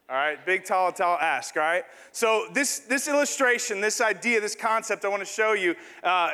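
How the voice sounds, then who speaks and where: A man's voice: high voice, bright, forceful tone, long reverb tail. A man preaching a sermon in a church, playfully acting out an illustration with a volunteer on stage. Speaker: pastor. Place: church hall.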